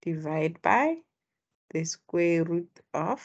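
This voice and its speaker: Husky woman walking a class thru stats formulas, pretty low voice, keeps asking them to chime in. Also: expressive, slow, muffled recording. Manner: explains step by step, prompts students to respond. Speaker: statistics tutor. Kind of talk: online tutorial.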